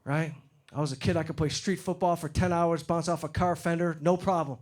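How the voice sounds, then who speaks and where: A middle-aged man from Detroit doing a stand-up comedy set on stage, getting loud and animated when he acts out other people. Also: fairly high pitch, brisk. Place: comedy stage before a live audience. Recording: live show with loud crowd laughter. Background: crowd laughing.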